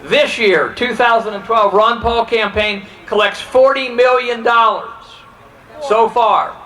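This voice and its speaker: Man, impassioned political speech, heated, high-pitched, bright. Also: measured pace, rough recording. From Ohio, USA. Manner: heated, acts out quoted exchanges. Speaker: political speaker.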